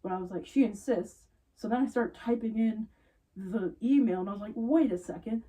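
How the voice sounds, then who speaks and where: A woman's voice: on the high side, moderate pace, distant mic, low-quality recording. A young woman retail worker casually telling an exasperated story about rude customers. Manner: exasperated, animated retelling with quoted customers.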